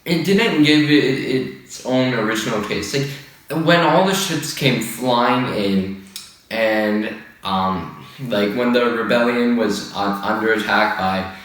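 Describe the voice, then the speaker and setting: A man rants casually in a rambling, exasperated way, packing his talk with filler words. His voice sits in a middle pitch. He sounds far from the mic in a very echoey room. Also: slow, a bit bright. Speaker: video host. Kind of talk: casual opinion rant.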